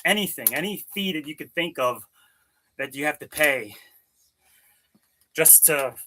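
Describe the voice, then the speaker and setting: Bright-voiced man chatting casually, profane. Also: on the high side, expressive, a little slow, slight background noise. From Maryland, USA. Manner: loose, profane, rambling. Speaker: fitness vlogger. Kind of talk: casual chat with live chat during workout. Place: home gym.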